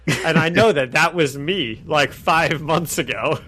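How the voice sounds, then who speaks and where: A man co-hosting a casual comic-book podcast, recapping scenes with animated delivery, acting out the quoted lines and laughing between phrases. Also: fairly high pitch, a little slow. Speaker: podcast co-host.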